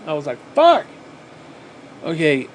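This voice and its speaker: A man telling a story casually, animated, swearing often and repeating phrases for emphasis, sounding tired. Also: fairly high pitch, normal speed, slight background noise, poor audio. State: physically exhausted.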